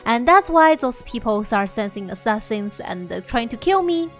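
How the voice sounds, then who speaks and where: Woman reading as a calm young exiled prince. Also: on the high side, moderate pace, soft background music, voice pushed down. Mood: earnest.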